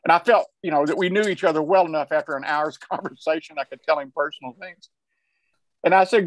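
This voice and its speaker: An older man tells a meandering story on a video call, with many restarts and small chuckles. His voice sits unusually high for a man. The sound is dry and close. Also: fast, no echo. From Arkansas. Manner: rambling, restarts often, chuckles while telling. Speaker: panelist. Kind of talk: conversational storytelling.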